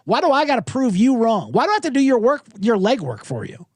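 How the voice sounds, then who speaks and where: Middle-aged male host, high lively ranting voice, sarcastic comic monologue, dry close sound. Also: fast, no room sound. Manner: sarcastic, animated, swears freely. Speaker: podcast host. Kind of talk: ranting comedic podcast monologue.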